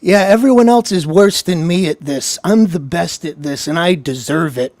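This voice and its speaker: A man's voice: a little high, moderate pace, darkish tone, no echo, pitched above the performer's own voice, lightly acted. A man doing a whiny self-pitying grown man. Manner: whining, ends lines with "eh?".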